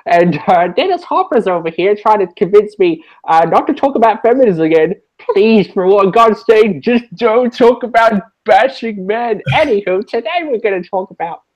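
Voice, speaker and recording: A shrill, over-the-top TV presenter with an Australian accent, sneering at her own show, as a man puts her on. The voice sits high and strained, exaggerated for a comedy dub. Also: lively intonation, moderate pace, few pauses, muffled recording. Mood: mocking. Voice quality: raised, exaggerated falsetto-like pitch.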